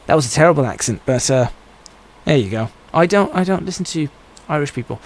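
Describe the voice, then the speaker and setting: A man's voice: fairly high pitch, animated, brisk, poor audio. A man streaming a game, giving casual commentary and musing aloud to himself as he plays. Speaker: gaming streamer.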